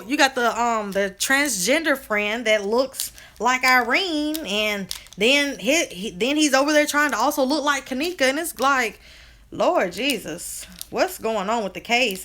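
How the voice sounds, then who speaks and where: Animated woman chatting to her live viewers. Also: on the high side. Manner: animated, drawling, talks straight to viewers. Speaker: co-host of a live video chat. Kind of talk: casual live-stream chat reading comments.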